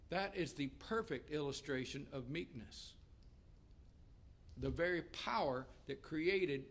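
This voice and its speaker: A middle-aged man preaching a sermon as pastor, earnest, raising his voice to read scripture aloud. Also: a little high.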